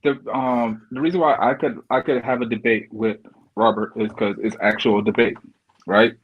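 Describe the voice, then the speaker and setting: A man's voice: medium pitch, fairly even intonation, moderate pace, breathy edge, narrow, tinny audio. A man calling into a casual podcast chat, talking in an easygoing way. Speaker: caller.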